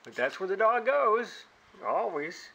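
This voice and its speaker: A man's voice: very animated, a little slow, creaky, bright, forceful tone. A man casually narrating a home video outdoors in his snowy yard, rambling on and chatting to his dog. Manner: rambling, chatty, talks to his dog in a high sing-song voice. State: cold, fingers freezing. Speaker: vlogger.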